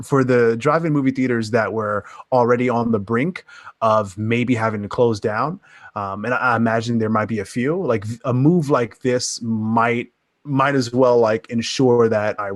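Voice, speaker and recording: A man's voice: mid-range voice, no room sound. A man co-hosting a casual podcast, talking things through in a laid-back, profane way. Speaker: podcast co-host.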